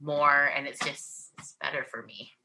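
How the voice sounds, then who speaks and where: Laid-back woman, low voice but really bright, faint noise behind. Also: steady tone, measured pace, low-quality recording. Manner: easygoing, laughs at herself. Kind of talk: casual chat.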